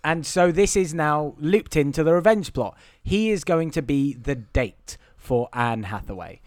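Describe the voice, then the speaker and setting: A man's voice: on the high side, animated, unhurried, no echo. Man rambling through a film recap. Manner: rambling recap with many fillers. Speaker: podcast co-host. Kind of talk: casual film discussion.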